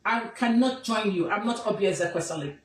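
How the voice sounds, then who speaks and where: A woman's voice: mid-range voice, fairly quick, echoey room, distant mic, low-quality recording. A Nigerian woman from the southwest, a king's advisor, giving an emphatic, scolding statement and repeating phrases for weight. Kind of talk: emphatic personal statement to camera.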